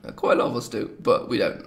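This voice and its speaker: A man's voice: medium pitch, expressive, normal speed. A young man from England with an English accent, chatting casually and rambling with jokey asides as he hosts a gaming video. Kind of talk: casual gameplay commentary.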